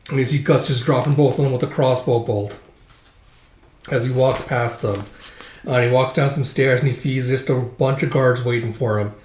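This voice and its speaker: A man's voice: mid-range voice, steady tone, moderate pace, darkish tone, a little hiss or hum. A man casually retelling a manga story with a loose, filler-heavy manner. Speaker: manga reader. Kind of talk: casual manga read-through. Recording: echoey room.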